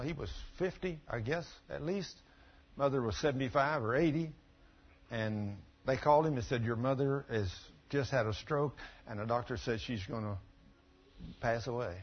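A middle-aged man preaching a sermon, telling folksy stories and swinging from quiet asides to loud emphatic bursts. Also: mid-range voice, breathy edge. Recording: dull lo-fi church recording.

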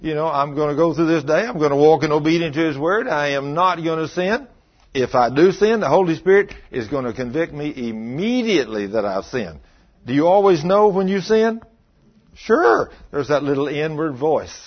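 Husky preacher telling stories. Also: male voice, a little high, animated, normal speed, highs cut off. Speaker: pastor. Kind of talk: folksy sermon storytelling. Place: church.

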